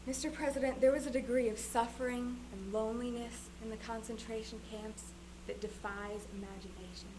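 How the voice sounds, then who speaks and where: A woman's voice: fairly high pitch, fairly even intonation, a little fast, background noise. A woman giving an impassioned, solemn recitation of a formal speech. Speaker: performer.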